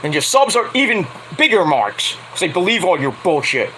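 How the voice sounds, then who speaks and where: A man's voice: high voice, very animated, moderate pace, hardly any pauses, bright, forceful tone, slight background noise, low-quality recording. A man ranting heatedly on a late-night livestream, swearing constantly as he reviews wrestling. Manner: profane, heated, fired-up ranting.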